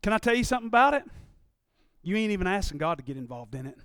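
A man preaches a sermon with a strikingly high voice for a man. He swings from loud shouts down to low murmurs and slips into his listeners' voices as he goes. The sound is dry and close, with no room echo. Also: big pitch swings, very fast, clear, resonant tone. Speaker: pastor.

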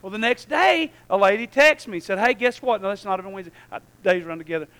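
A male preacher telling a story in a sermon, swinging from hushed asides to shouted prayers. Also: high-pitched, animated, fast, smooth, rough recording.

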